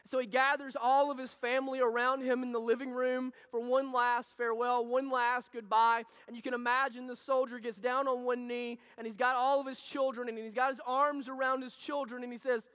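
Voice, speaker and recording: Pastor, male, very high voice, impassioned repetitive sermon delivery, long hall reverb. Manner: impassioned preaching with repetition, drops to soft intimate tones.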